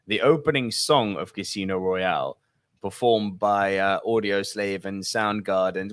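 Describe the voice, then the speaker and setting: A man's voice: on the low side, lively intonation, measured pace, a bit bright, no echo, clean studio sound. A young man co-hosting a movie podcast, ranting with plenty of profanity in casual chat. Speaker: podcast co-host.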